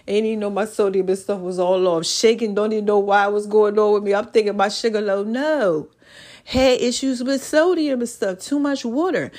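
A woman hosting a solo podcast, talking casually and warmly to her listeners, testifying about her life and calling them y'all and child. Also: on the high side. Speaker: podcast host.

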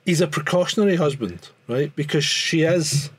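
A man's voice: on the high side, normal speed, husky. A Scottish man co-hosting a podcast in casual chat, rambling and restarting his sentences. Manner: rambling, repeats words, frequent restarts. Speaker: podcast co-host.

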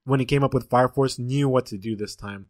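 A man's voice: mid-range voice, a little fast, darkish tone, no room sound, clean studio sound. Rambling casual podcast co-host, man. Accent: Southern Californian. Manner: rambling, trails off and restarts. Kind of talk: casual chat.

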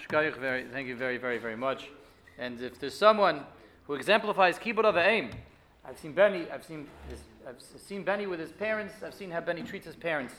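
A man giving a Torah class, lively and full of rhetorical questions, often restarting his sentences. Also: fairly high pitch, fairly quick. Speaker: rabbi teaching a weekly class.

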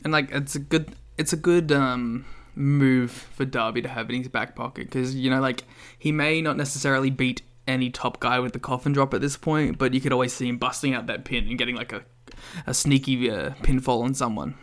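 A man's voice: medium pitch, fairly even intonation, brisk, fairly bright tone. Man making dry wisecracks. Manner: dry, wry quips. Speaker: podcast co-host. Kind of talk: casual chat.

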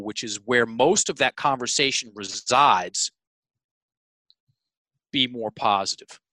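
A sales and mindset coach tells stories emphatically in a conversational interview, calling his listeners "folks" and often restarting his sentences. His mid-range voice is bright and forceful. The recording is dry and of poor quality.

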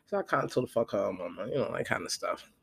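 A podcast host telling a profane, animated story in a casual monologue, quoting the people in it. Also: male voice, lowish voice, quick pace, gravelly, slightly rough. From Florida.

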